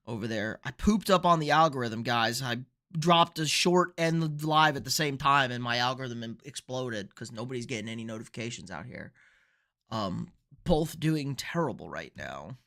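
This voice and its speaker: A young man with a bright, forward voice runs a live football picks stream. He talks in a loose, rambling way and reacts to viewer chat as it comes in. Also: medium pitch, lively intonation, moderate pace. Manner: casual, rambling, reads and answers viewer chat. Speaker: sports show host.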